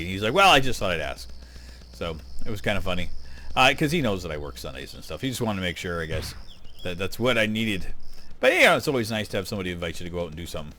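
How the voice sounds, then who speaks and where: A man's voice: lowish voice, a bit bright, a little hiss or hum. Chatty, rambling male gamer. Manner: rambling, chatty, lots of fillers and restarts. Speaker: gaming channel host. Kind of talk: casual gameplay commentary.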